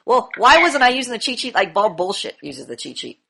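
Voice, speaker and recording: A woman's voice: fairly high pitch, big pitch swings, fairly quick, vocal fry, sharp tone, breathy edge. A woman teaching an acting class, blunt and demanding, swearing freely as she questions her students.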